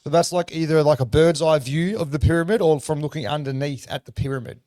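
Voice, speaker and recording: An Australian man hosting a livestream, talking in a rambling, excitable and profane way. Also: a little high, fast, dry recording, studio quality. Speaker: livestream host. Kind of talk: casual livestream commentary.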